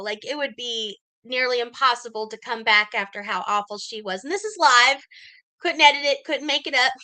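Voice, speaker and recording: A woman telling a story on a live stream, animated and laughing, greeting viewers as she goes. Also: sits high, rough recording. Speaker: livestreamer and mystery shopper. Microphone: computer or phone mic.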